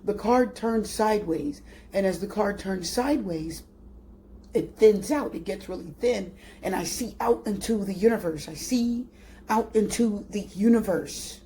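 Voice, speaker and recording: A woman narrating a guided spiritual meditation. Her voice is mellow and dark-toned, at a middle pitch. She speaks slowly and dreamily, and she often repeats her phrases. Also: a little hiss or hum. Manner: slow, dreamy and soft-spoken, with repetitions. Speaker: tarot reader.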